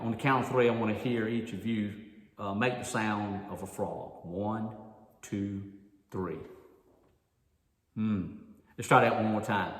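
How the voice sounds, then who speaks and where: A man telling a story to an audience at a conference, animated and drawing the crowd in. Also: mid-range voice. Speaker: speaker at a volunteer leader conference. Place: large hall. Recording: echoey hall with long reverb.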